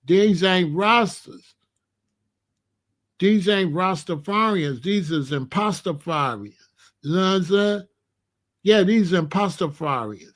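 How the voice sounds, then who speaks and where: A male commentary host from Chicago, telling stories in an opinionated monologue with animated, slangy street talk. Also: sits high, slow pace, long pauses.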